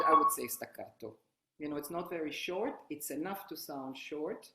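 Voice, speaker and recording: A woman piano teacher explaining technique while she demonstrates at the keyboard, with halting restarts. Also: low voice, animated. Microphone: online workshop, single room mic. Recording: roomy sound with loud piano playing. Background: piano playing.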